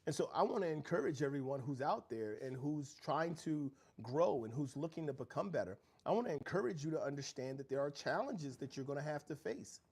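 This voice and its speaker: A man's voice: a little high, lively intonation, a little fast, few pauses, a little mellow, husky. A middle-aged man hosting a motivational livestream from home, talking earnestly about growth and challenge. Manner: earnest, preachy, reads out viewer chat. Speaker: livestream host.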